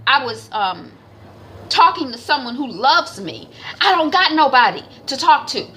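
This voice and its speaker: A woman voicing Benny, an angry young man who is defensive toward his sister, shouting in a high voice. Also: sing-song, unhurried, a little hiss or hum, full character voice. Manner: shouting, exasperated.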